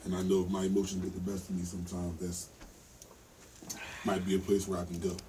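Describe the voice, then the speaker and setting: A man's voice: deep voice, monotone, brisk, mellow. A man in a casual group discussion, rambling about controlling his emotions and often asking "you know what I'm saying". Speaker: podcast participant. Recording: distant mic with faint noise.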